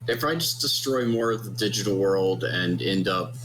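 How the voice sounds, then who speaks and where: A man's voice: deep voice, brisk, fairly bright tone, slight background noise, rough recording. A man co-hosting a casual anime podcast, easygoing and a bit hesitant, often restarting his sentences. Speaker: podcast co-host. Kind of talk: casual anime recap chat.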